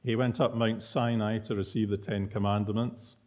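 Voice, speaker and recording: Low-voiced man preaching a sermon. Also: flat delivery, normal speed, a little mellow. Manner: teacherly, asks the listeners rhetorical questions. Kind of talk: expository sermon.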